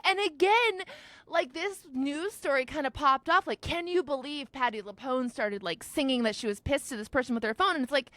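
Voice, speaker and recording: A woman hosting a podcast, chatting casually in a lively, emphatic way and quick to laugh. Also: sits high, no echo. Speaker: podcast host. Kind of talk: casual chat.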